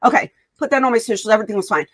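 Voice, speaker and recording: Animated woman telling a story. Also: fairly high pitch, rapid-fire. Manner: animated, acts out quoted dialogue. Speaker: wrestling guest. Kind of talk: casual interview storytelling.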